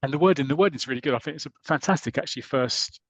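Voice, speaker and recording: A man's voice: a little high, racing, slightly rough, dry recording. A man hosting a comics podcast, retelling a story in a chatty way with frequent restarts and reading passages aloud. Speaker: podcast host.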